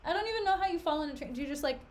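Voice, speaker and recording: A young woman streams herself reading a play aloud and recapping it in a chatty, giggly way, full of "like" and "you know." Her high-pitched voice is animated and very fast.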